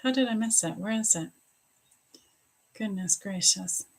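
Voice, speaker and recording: A woman's voice: mid-range voice, measured pace. A middle-aged woman doing live psychic readings, talking straight to viewers by name, often repeating herself and laughing. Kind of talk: live-stream readings answering viewer questions.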